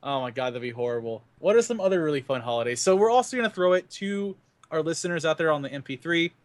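A man co-hosting a casual podcast, his voice rising and falling as he jokes around. He sits a little higher in pitch than most men. The sound is dry and close, with no room around it. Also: fast, no echo. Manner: joking, animated. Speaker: podcast co-host.

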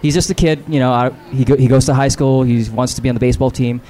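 A man who works as a voice actor, chatting casually as a guest, animated and quick to laugh. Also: mid-range voice, a little hiss or hum. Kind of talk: casual chat.

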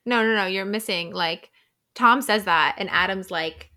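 A woman's voice: mid-range voice, moderate pace, bright, forceful tone. A woman co-hosting a casual book-discussion podcast who chats and cuts in with corrections and comments.

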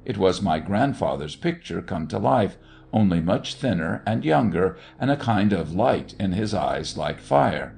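A man reading a first-person tale in a measured, conversational manner. His voice sits low with a gravelly edge, and his pitch moves a lot as he tells the story. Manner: measured, conversational, with animated dialogue. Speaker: audiobook narrator.

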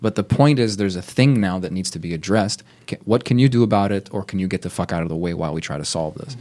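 A man's voice: low voice, fast talker, a little mellow. A man co-hosting a podcast, rambling casually, laughing and swearing as he talks. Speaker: podcast co-host.

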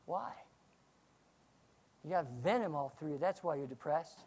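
A man, a pastor, preaching a sermon, swinging from quiet asides to loud outbursts. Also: on the high side, animated, measured pace, pauses often, a little hiss or hum.

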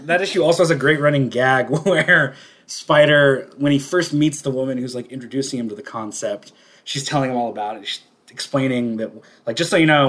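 A man's voice: medium pitch, fairly bright tone. A man co-hosting a casual podcast chat, retelling comic book scenes in a rambling way, full of fillers and chuckles. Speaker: podcast co-host.

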